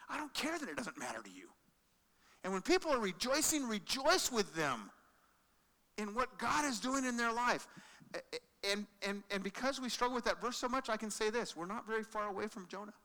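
In a large church sanctuary, a man preaches an animated sermon, swinging between loud, acted-out quotes and quiet emphasis. His voice sits high and his pace is brisk, with the long reverb of a big hall.

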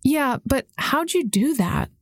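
A woman narrator voicing an excited, curious young woman chatting with a friend. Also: high voice, slow pace, dry recording, studio quality, voice pushed up, full character voice. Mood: eager. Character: eager young woman named Alana.

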